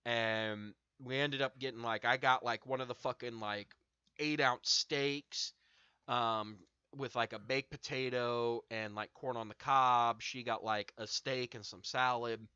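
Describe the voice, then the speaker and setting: A man's voice: medium pitch, fairly even intonation, unhurried, bright, forceful tone, clean tone, dry recording, muffled recording. A young man hosting a stream, smoking and telling a long, profanity-laced story in a rambling, filler-heavy way. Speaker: streamer host. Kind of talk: casual storytelling to chat.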